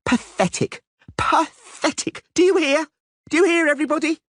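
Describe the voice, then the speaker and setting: A man voicing a furious blonde woman who screams slow, drawn-out insults in an audiobook. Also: very high voice, fairly bright tone, dry recording, studio quality, pitched above the performer's own voice. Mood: screaming furious. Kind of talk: audiobook character voice.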